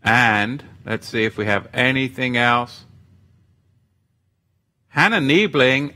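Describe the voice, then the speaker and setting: A man's voice: mid-range voice, animated, slow, long pauses, pushed and bright. A man hosting a faith-themed livestream, chatting casually and reading out viewer comments in a loose, self-deprecating way, often trailing off mid-sentence. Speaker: livestream host of a faith show.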